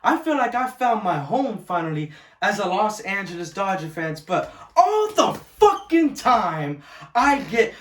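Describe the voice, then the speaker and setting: A man in his early twenties, swearing constantly as he rants casually about sports loyalty and gets loud and heated. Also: high voice, very animated, unhurried, recorded from a distance. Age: 20s. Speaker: vlogger. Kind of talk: casual ranting monologue. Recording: echoey room, voice off-mic.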